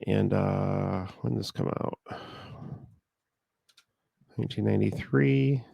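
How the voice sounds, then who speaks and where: A man with a gravelly, somewhat low voice talks in a flat monotone, a sore throat weighing on it. He rambles casually as he works at his computer. The sound is close and dry. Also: slow, dry recording. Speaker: online reseller. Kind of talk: casual talk while working.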